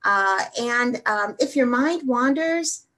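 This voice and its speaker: A woman hosting a wellness show, talking energetically and then slowing down to guide a simple meditation. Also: a little high, lively intonation, pushed and bright. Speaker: wellness host.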